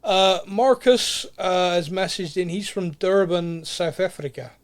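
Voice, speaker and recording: A man's voice: high voice, measured pace. A man hosting a podcast, chatting casually, self-mocking and often laughing. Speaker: podcast host. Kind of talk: casual chat.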